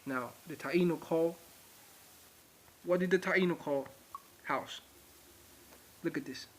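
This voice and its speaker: A man teaches in a slow, deliberate way, turning to his viewers again and again. His voice sits a little high. He repeats key words for emphasis. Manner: emphatic, repetitive, addresses viewers directly. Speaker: religious teacher. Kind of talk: informal video lecture.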